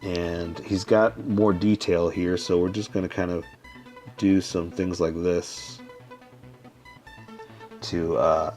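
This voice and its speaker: A man with a lowish voice calmly explains a drawing step by step as he works. His talk is loose and unhurried, with frequent "okay?" check-ins, and soft music plays faintly behind him. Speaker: drawing tutorial host. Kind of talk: casual step-by-step drawing instruction.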